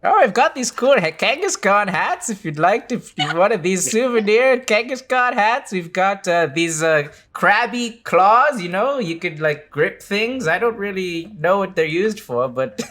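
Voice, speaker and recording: A man's voice: high voice, animated, measured pace, few pauses, fairly bright tone, voice pushed up. A man voicing a chatty old male safari warden who rambles with many fillers. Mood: salesy.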